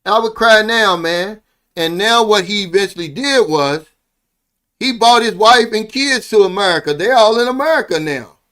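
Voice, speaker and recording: A middle-aged man with a notably high voice talks straight to his viewers in a loose, wandering vlog monologue. He sounds earnest and heartfelt and tags "man" onto the ends of many phrases. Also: expressive, normal speed, fairly bright tone. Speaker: vlogger living abroad. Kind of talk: casual monologue.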